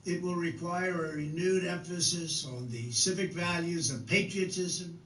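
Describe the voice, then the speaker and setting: A man delivering a formal scripted address as president, measured and deliberate. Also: high voice, a bit bright, distant mic, a little hiss or hum. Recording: clip played back in echoey room.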